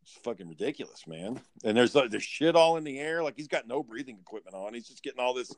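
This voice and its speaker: A man's voice: medium pitch, lively intonation, quick pace, no room sound. A man hosting a podcast in casual chat, a profane, rambling storyteller. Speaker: podcast host.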